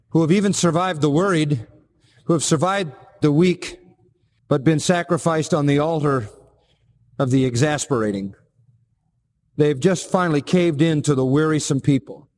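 A man preaching a sermon, emphatic, with repeated phrases and sudden rises in pitch. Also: a little mellow, in a large hall. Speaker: pastor.

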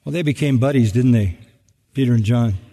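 Delivering a sermon, this pastor gets animated, voicing quotations with dramatic leaps in pitch and a sarcastic edge. He speaks a little fast, and the sound suggests a big room.

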